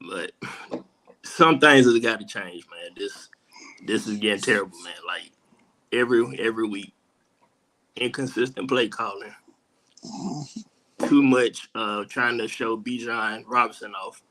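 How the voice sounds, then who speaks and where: A man's voice: on the low side, measured pace, long pauses, bright, forceful tone, a little hiss or hum, poor audio. A man giving casual, frustrated football analysis in a plain-spoken way. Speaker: co-host analyst. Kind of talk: casual sports talk.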